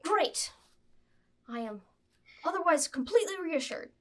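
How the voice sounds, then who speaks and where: A woman's voice: very high voice, lively intonation, measured pace, pitched above the performer's own voice. A woman playing a long-serving male groom in a tabletop role-play, answering his employer in a dry, polite way. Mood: dry deferential.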